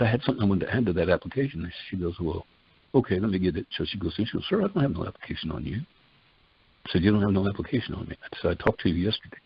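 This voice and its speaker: A man's voice: low voice, creaky, breathy edge, no room sound. An older man giving a personal testimony in a folksy way, retelling conversations line by line in quotes. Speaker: testimony speaker. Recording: dull lo-fi dry recording.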